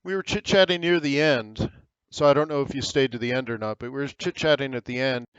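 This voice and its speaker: A man's voice: mid-range voice, fairly quick, a bit bright, clean tone, no echo, highs cut off. An American man hosting a live trading webinar, giving casual, rambling market commentary with frequent fillers.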